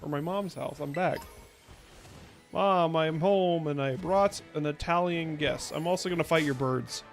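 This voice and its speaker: A man's voice: fairly high pitch, normal speed, soft background music. A man giving casual gameplay commentary on his stream, rambling and playful, often restarting his sentences. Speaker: VTuber streamer.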